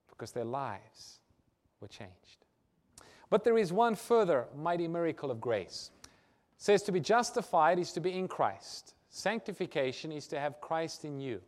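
A man preaching a sermon, acting out quoted dialogue and swinging from loud declarations to hushed, quiet lines. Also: fairly high pitch.

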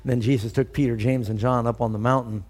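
A middle-aged man giving a sermon, telling stories in a relaxed, conversational way with frequent fillers. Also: mid-range voice, fast. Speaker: preacher.

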